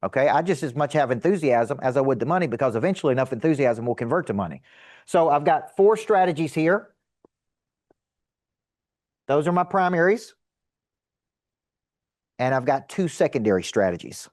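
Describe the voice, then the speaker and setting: A middle-aged man teaching a seminar to a live audience as a sales coach, energetic and emphatic, asking rhetorical questions. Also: mid-range voice, moderate pace, pauses often, dry recording, studio quality.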